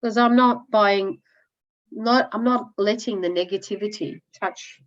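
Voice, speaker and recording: Loud, candid woman on a dull line. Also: medium pitch, a little slow. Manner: loud, candid and animated, with blunt asides. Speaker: coaching client sharing progress. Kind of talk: casual group coaching call.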